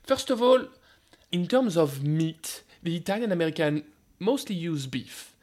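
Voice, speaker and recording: French-accented man, high-pitched and animated. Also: measured pace. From France. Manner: animated, repeats words when starting sentences. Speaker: food scientist guest. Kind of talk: radio interview.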